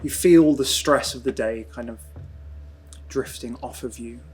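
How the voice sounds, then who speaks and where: A man narrating a tabletop role-playing game as game master, in slow, hushed, dreamy descriptions. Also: mid-range voice, faint music behind.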